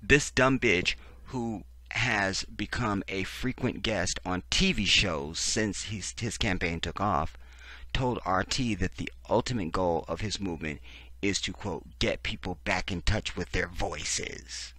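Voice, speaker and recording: A man's voice: low voice, measured pace, bright, forceful tone, no room sound. A man hosting a profane, sarcastic political commentary, reading text aloud and breaking in with heated reactions. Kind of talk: ranting video commentary.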